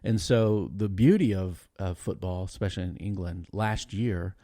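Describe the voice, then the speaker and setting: A middle-aged man on a podcast telling a story in an animated, laughing way, often stopping and starting again. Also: sits low, normal speed, dry recording, clean studio sound. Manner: animated, laughing, trails off and restarts. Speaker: podcast guest. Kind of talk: casual storytelling chat.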